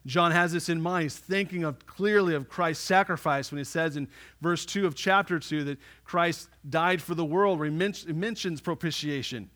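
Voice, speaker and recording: A man preaching a sermon to his congregation in a slightly higher voice. He swings between loud, emphatic declarations and soft, slowed words. He checks in with the room often. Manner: asks the congregation "right?" often. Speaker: pastor.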